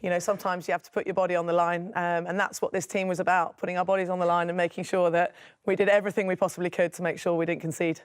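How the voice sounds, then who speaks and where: Woman, athlete guest, rapid speech, even flat pitch, earnest, TV studio interview. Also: clear, resonant tone. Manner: earnest, quick, slightly halting. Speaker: Olympic hockey player, guest. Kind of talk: live TV interview answers. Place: TV news studio.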